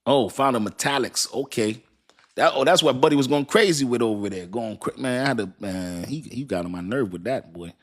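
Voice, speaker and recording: A man's voice: medium pitch, a little fast. Chatty male crypto live-streamer. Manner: loose and chatty, talks straight to his chat, repeats himself; laughs often and thinks aloud while reading. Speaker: crypto livestream host. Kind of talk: casual live-stream chat.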